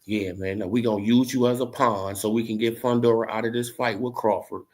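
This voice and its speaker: A man's voice: fairly low pitch, steady tone, a little fast, pitched below the performer's own voice, natural voice. A man putting on the voice of a controlling, spiteful male boxing manager who scolds and taunts with rhetorical questions. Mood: scolding.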